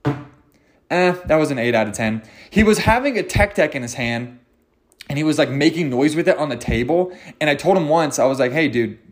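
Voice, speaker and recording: A man's voice: a little high, expressive, brisk. A man hosting his own podcast, rambling off the cuff with jokes, swearing and self-mocking asides. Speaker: podcast host. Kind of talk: unscripted solo podcast ramble.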